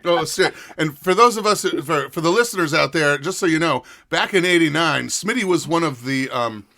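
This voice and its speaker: A man's voice: on the high side, lively intonation, moderate pace, pushed and bright. A man in his fifties from Connecticut, a podcast co-host chatting in a laid-back, agreeable way. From Connecticut, USA. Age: 50s. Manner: laid-back, agreeable, often echoes others. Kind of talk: casual chat.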